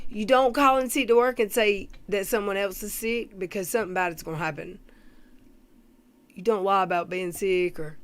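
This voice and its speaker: A woman hosting a casual livestream, rambling through commentary and greeting viewers from the chat, with frequent throat clearing. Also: on the low side, slight background noise. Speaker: livestream host.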